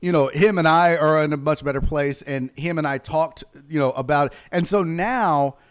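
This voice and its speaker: A man in his forties hosting a casual, profane chat with an old friend, laughing often and telling stories with loud bursts. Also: on the high side, moderate pace, smooth. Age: 40s. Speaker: podcast host. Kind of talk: casual banter.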